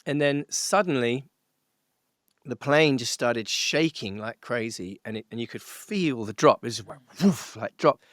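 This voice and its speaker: A middle-aged man, a musician guest, telling a story in an interview with animated delivery, frequent laughs and many fillers and restarts. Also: mid-range voice, measured pace, no room sound, clean studio sound.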